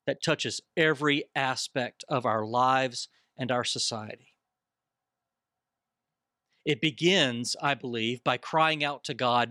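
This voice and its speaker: A man's voice: mid-range voice, pushed and bright, no room sound, clean studio sound. A man speaking earnestly, almost like a preacher, as a panelist in a bible study discussion.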